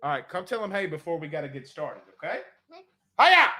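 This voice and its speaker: Man, sports talk host, slightly high voice, dry close sound, energetic and chatty. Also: quick pace, no room sound. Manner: energetic, chatty, plugs sponsors. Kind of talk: casual sports talk show.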